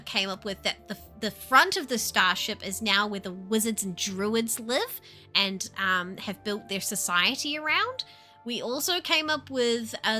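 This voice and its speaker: A young woman chatting casually on a livestream, animated, laughing often and swearing. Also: medium pitch. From New Zealand. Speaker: streamer.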